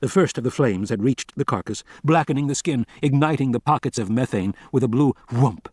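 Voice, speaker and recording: A man's voice: medium pitch, brisk, a little mellow, breathy edge, no room sound, clean studio sound. A man reading a novel aloud as an audiobook narrator, telling it steadily. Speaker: audiobook reader.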